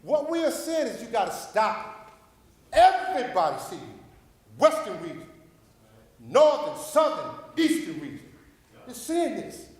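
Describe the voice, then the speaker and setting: A man from Paterson, New Jersey, giving an impassioned, preacher-like public comment at a city council meeting, rambling and fervent, with loudness that swells and drops. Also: extremely high pitch, sing-song, a little slow, long pauses. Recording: echoey council chamber with long reverb.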